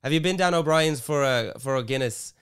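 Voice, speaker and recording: A man putting on an Irish accent to play a chummy pub-goer, slow and sing-song. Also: medium pitch, fairly bright tone, smooth, close to an everyday voice. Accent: Irish (put on).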